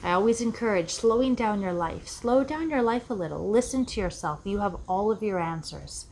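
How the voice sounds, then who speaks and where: A woman's voice: mid-range voice, animated, normal speed, darkish tone, slight background noise. A woman life coach giving an earnest, reflective self-help talk, often repeating herself for emphasis. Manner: earnest, repetitive, acts out quoted voices.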